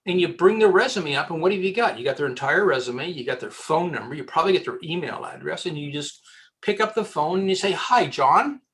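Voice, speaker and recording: A man, a headhunter giving casual career advice as a podcast guest, animated and joking, often restarting his sentences. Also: a little high, fast talker.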